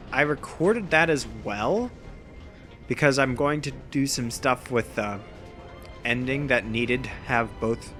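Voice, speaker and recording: A man's voice: medium pitch, pushed and bright. A man giving casual, rambling, self-deprecating let's play commentary over a video game. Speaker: gameplay commentator.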